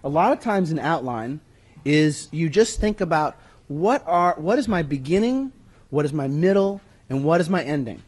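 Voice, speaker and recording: Male workshop lecturer, slightly high voice, conversational and emphatic, drifts off-mic. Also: animated, moderate pace, a little mellow, husky. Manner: conversational teaching, emphatic, with handout references. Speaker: writing workshop speaker. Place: room with an audience. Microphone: moves away from the mic at times.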